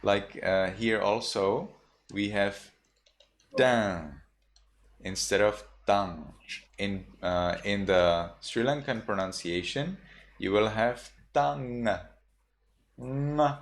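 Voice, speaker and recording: A man's voice: fairly low pitch, slow. A man teaching a class of children, patiently spelling out sounds and repeating them for the class to echo. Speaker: Buddhist monk teacher.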